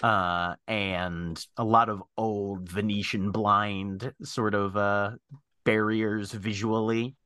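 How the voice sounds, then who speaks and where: Male game master, bright and dry-sounding, narrates scenes with frequent fillers. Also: on the low side, level tone, takes it slowly, clear, resonant tone, dry recording. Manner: descriptive, hesitant with many fillers.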